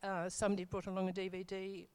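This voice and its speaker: A woman's voice: medium pitch, monotone, quick pace, a little mellow, clean tone. A middle-aged woman telling her church testimony in a casual, rambling way, full of fillers and self-corrections.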